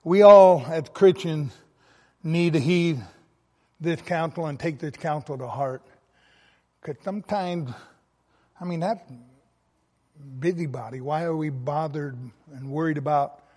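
A man's voice: fairly high pitch, unhurried, pauses often, a little mellow. Man, pastor, sermon, emphatic, reads scripture aloud, echoing hall.

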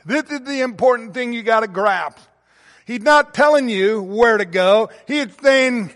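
High-voiced preacher in a reverberant hall. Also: male voice, lively intonation, unhurried, a bit bright. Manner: earnest expository preaching, quoting scripture with emphasis. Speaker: pastor. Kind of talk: sermon.

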